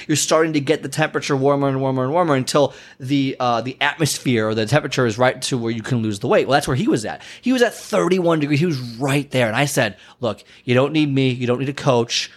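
A man's voice: mid-range voice, fast talker, few pauses. A young man, a fitness coach, giving an emphatic motivational talk to camera, often repeating his phrases.

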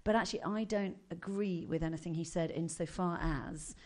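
A woman's voice: lowish voice, moderate pace, a little mellow. A woman, chatting on a podcast in a wry, self-mocking way and laughing often. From England. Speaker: comedian guest. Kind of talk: casual podcast banter.

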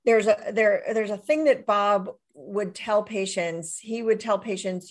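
A middle-aged woman, a widowed author, is a guest in a casual interview. Her medium-pitched voice moves at a measured pace with few pauses, and she's warm and reflective, often restarting sentences and laughing softly.

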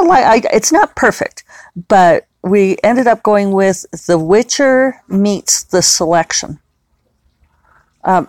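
Lower-voiced woman with a dry sound. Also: no room sound. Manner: rambling, often correcting herself. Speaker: novelist. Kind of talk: casual solo podcast chat.

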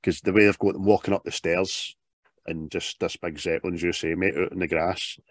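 A man's voice: sits low, brisk, no echo, studio quality. A man, chatting casually with a co-host about a film and acting out its scenes. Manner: animated, puts on voices while retelling scenes. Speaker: podcast co-host.

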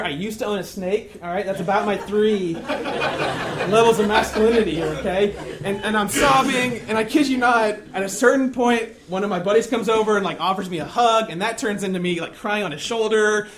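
A man's voice: high voice, fairly quick, a crowd in the background. A young man preaching a sermon in a conversational, self-deprecating storytelling way.

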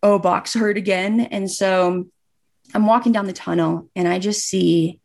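A woman's voice: fairly low pitch, gravelly. A woman in her thirties, a guest, earnestly telling a personal story in casual conversation and acting out remembered dialogue.

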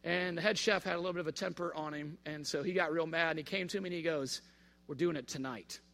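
A man telling a personal story in a casual, animated way and acting out the dialogue. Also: on the high side, very fast, creaky. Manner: animated, acts out quoted dialogue.

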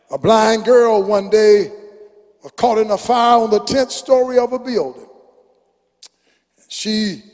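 An older man preaching a fervent sermon in a church, rising into shouts and song-like chanting. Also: high-pitched. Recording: long reverb of a large hall.

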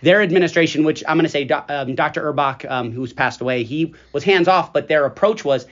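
A male school administrator hosting a casual podcast, rattling along quickly with jokes and filler likes. The audio is dull and lo-fi. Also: on the high side. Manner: energetic, joking, talks in rushes with likes. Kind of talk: casual chat.

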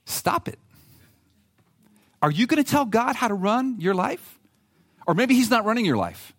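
A pastor preaching a sermon in an animated, conversational way, reading scripture aloud with emphasis. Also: male voice, high voice, moderate pace.

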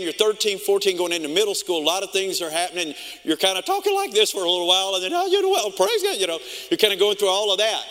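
Middle-aged male pastor, high bright voice, lively storyteller, long reverb of a church hall. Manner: animated storytelling, acts out his own reactions. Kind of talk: sermon.

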